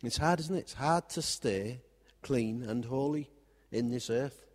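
Man preaching in a big echoey hall, regular pitch, wry, repeats himself a lot. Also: unhurried. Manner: wry and conversational, with repeated phrases. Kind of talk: sermon. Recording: long hall reverb.

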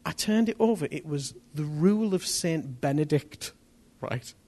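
A man preaching a testimony sermon, telling his story in an animated way that rises to near-shouts at the tense moments. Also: a little high, unhurried.

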